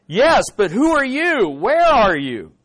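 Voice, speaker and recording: A man preaching acts out a desperate man hanging from a cliff, pleading for help in loud panicked shouts. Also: very high voice, wildly swooping pitch, slow, voice pushed up, exaggerated voice.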